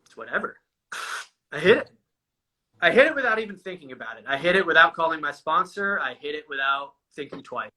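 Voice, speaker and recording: Bright-voiced man talking candidly. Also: fairly high pitch, sing-song, fast, low-quality recording. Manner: casual and profane, says "dude" constantly. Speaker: guest sharing a recovery story. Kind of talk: candid conversational storytelling.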